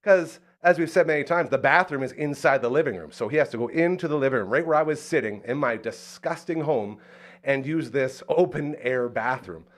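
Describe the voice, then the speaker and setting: A man from Saskatchewan hosts a podcast and tells a story in relaxed, casual chat. He jumps into a high, excited voice when he acts out what people said. His pitch sits in the middle range for a man. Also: brisk. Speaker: podcast host.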